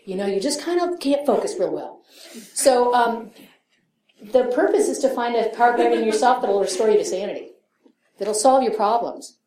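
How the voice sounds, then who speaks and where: A woman's voice: fairly high pitch, warm tone, roomy sound. A middle-aged woman speaking candidly at a recovery meeting, swearing freely, laughing often and acting out the voices of people she quotes. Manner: profane, self-mocking, laughs often, acts out quotes. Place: meeting hall.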